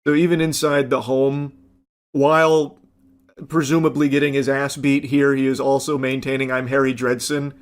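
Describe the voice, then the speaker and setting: A man's voice: mid-range voice, level tone, normal speed. A young man streaming, casually commenting on a clip, rambling with fillers and casual swearing.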